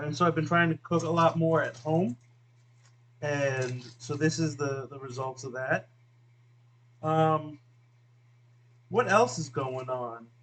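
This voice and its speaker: A video host cooks at home and chats casually with a friend off camera, rambling with lots of fillers and poking fun at himself while onions make his eyes water. His voice is a little high with a fairly bright tone. The low-quality recording carries a little hiss or hum.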